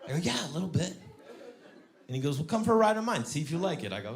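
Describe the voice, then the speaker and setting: A man's voice: medium pitch, normal speed, long pauses, a little hiss or hum. A man doing stand-up on a club stage, acting out conversations with his friend. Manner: animated, acts out both sides of conversations. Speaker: stand-up comedian. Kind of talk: stand-up comedy.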